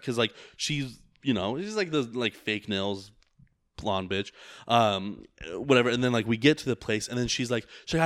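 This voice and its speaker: Man, casual chat, rambling profane storytelling, low voice, dry close sound. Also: moderate pace, dry recording. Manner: rambling and profane, heavy on filler words. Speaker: rideshare driver telling a story.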